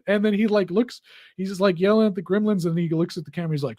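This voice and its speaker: Young male co-host, slightly higher voice, acts out every quote. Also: fairly quick, no room sound, clean studio sound. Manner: animated storyteller acting out quotes. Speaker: podcast co-host. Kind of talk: casual chat.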